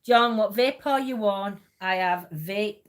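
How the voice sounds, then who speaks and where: A woman's voice: mid-range voice, unhurried. A woman hosting a livestream, chatting in a rambling way and laughing often. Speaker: livestream host. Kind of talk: casual chat.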